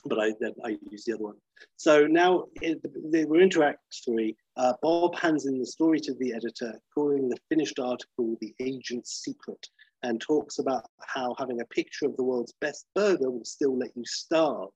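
A man talks casually through a film pitch, rambling with restarts and fillers. His voice is husky and of middle pitch, and the recording is dull and dry. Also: moderate pace, a little mellow, dry recording. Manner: rambling, full of fillers and restarts, acts out the characters.

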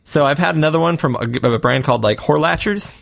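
A man's voice: on the high side, quick pace, vocal fry. A man hosting a casual podcast, talking in a rambling, joking way with lots of fillers. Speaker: podcast host. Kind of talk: casual chat.

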